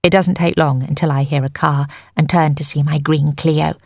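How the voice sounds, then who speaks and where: A woman's voice: low voice, fairly even intonation, normal speed, dry recording. A woman narrating a tense first-person audiobook on a close mic, in an urgent storytelling manner.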